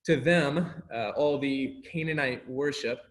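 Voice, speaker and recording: Animated man teaching a Bible class. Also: medium pitch, a little slow, a little hiss or hum. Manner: animated, acts out quotes, laughs often. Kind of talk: casual Bible lesson.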